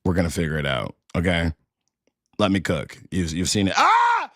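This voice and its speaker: A man's voice: sits low, a little fast, dry recording, clean studio sound. A man chatting casually as a streamer, crude and jokey, rambling and cursing a lot. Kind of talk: casual chat.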